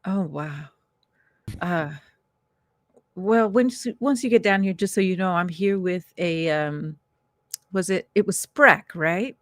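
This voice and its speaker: A woman playing a tabletop role-playing game, talking in a chatty, giggly and expressive way. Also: fairly low pitch, takes it slowly, long pauses, no echo, studio quality. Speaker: player. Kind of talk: in-character tabletop play.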